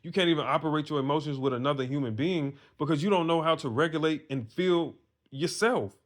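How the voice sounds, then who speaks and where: A man's voice: fairly high pitch, a little fast. A man, telling a personal story in a casual monologue, earnest and preachy, with some swearing. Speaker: vlogger giving advice to men.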